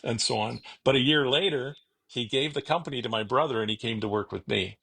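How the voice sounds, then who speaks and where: Gravelly, husky man telling stories. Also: medium pitch, brisk, a bit bright. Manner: rambling, self-deprecating, quotes people in acted voices. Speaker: podcast guest, car finder. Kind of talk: casual storytelling chat.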